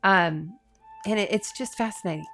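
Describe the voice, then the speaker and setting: A woman's voice: mid-range voice, normal speed, a bit bright, faint music behind. A middle-aged woman, an astrologer and tarot reader, chatting casually on a live stream, earnest and talkative with lots of fillers and restarts. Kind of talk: casual live-stream chat reading viewer comments.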